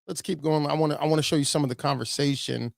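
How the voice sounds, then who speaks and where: Gravelly man giving blunt preachy commentary. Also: a little high, steady tone, quick pace, no echo, studio quality. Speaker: pastor.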